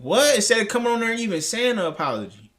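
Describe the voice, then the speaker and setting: A man's voice: very high voice, big pitch swings, fast talker, a bit bright. A man reacting to a clip, talking in a heated, profane, rambling way with many restarts. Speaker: commentary host. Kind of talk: reaction commentary.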